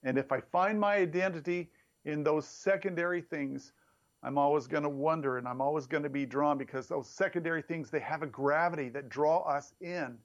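A man preaching a sermon in an emphatic, animated way, his voice jumping up for emphasis. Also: moderate pace, dull audio. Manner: emphatic, animated preaching with sudden rises in pitch.

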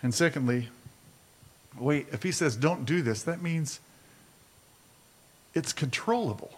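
A man's voice: on the high side, lively intonation, measured pace, husky. A man preaching a sermon as a pastor, talking conversationally and asking his listeners rhetorical questions.

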